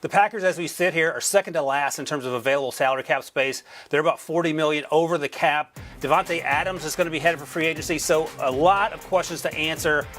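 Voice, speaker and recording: Guy from north carolina doing football analysis, voice a bit high, jokey and quick, studio mic. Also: a bit bright, faint music behind. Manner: quick, joking, chuckles while explaining. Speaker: NFL draft analyst guest. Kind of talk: sports analysis chat.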